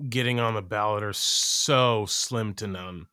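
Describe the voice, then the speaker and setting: A man's voice: fairly low pitch, a little slow, pushed and bright, no room sound, clean studio sound. A man from Oregon in casual chat, loose and profane, often repeating words as he starts a thought.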